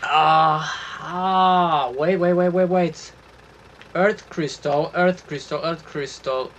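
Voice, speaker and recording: A man streaming a farming game, chatting casually, playful and excitable, swearing now and then. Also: fairly high pitch, takes it slowly, lo-fi sound. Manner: playful, excitable, swears, jumps into silly voices. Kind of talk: casual gaming commentary.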